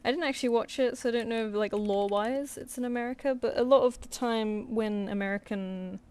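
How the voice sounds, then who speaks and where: A woman's voice: fairly high pitch, brisk, a little mellow, smooth. A woman chatting casually with viewers while she draws on a live stream, rambling and laughing easily. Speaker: streaming artist. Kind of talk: casual chat while drawing.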